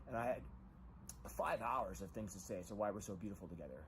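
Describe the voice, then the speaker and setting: A man's voice: fairly low pitch, lively intonation, fast talker, a bit bright, slight background noise. A middle-aged man in a rambling, emotional confessional monologue, distraught and repeating himself. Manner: rambling, repetitive, grief-stricken, voice rising when agitated. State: distraught after a breakup and a loss.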